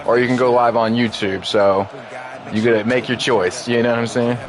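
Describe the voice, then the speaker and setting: A man's voice: medium pitch, fairly even intonation, moderate pace, crowd noise. A man streaming a football video game, chatting casually with viewers and his opponent, full of fillers and loose asides. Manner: rambling, filler-heavy, friendly asides to viewers. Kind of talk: casual gaming stream chat. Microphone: desk mic in a home streaming room.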